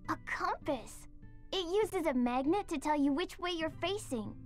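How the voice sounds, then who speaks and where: A woman's voice: extremely high pitch, animated, measured pace, soft background music. An eager sickly young boy. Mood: earnest. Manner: earnest, eagerly explaining. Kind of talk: game voice acting.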